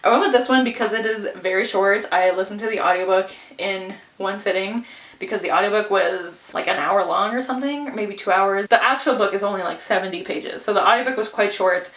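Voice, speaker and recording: A woman's voice: medium pitch, brisk, fairly bright tone, roomy sound, distant mic. A woman book vlogger talking casually and chattily, giggling often and filling her talk with "like" and "anyways", a little out of breath. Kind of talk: casual reading vlog.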